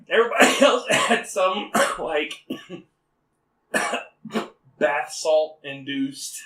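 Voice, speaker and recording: A man's voice: fairly high pitch, animated, drawn-out words, bright, forceful tone. A young man co-hosting a podcast, joking around in casual chat, laughing and coughing often. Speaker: podcast co-host. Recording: roomy, mic at a distance.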